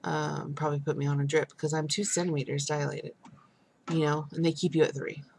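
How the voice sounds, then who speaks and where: A young woman vlogging a casual video update, exhausted and frustrated, rambling with many pauses and fillers. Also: low voice, level tone, vocal fry, darkish tone, breathy edge.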